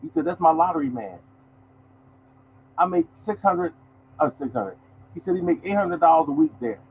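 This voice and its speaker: A man hosts his own lottery podcast in a loose, preachy monologue. He hammers points home by repeating them and keeps addressing listeners as y'all. His voice sits a little high. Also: animated, brisk, a little hiss or hum, low-quality recording. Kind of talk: casual motivational monologue.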